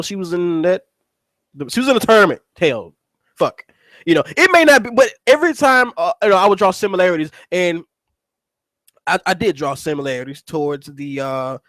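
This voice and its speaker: Rambling, profane man with a high voice. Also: a bit bright, no echo, poor audio. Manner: rambling, profane, repeats words and restarts. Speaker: wrestling show host. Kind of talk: casual recap commentary.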